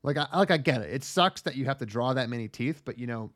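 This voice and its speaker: A man's voice: medium pitch, lively intonation, fast talker, a bit bright, no echo, clean studio sound. Sarcastic, profane man ranting. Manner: sarcastic, profane, acts out scenes in silly voices. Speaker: podcast co-host. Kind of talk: casual comedic anime recap.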